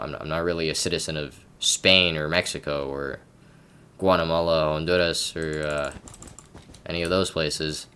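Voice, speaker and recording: A man's voice: very deep voice, fairly bright tone, clean tone. A man from Canada giving casual gameplay commentary at his computer, rambling and stammering with lots of repeated words and self-mocking asides. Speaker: gaming commentator.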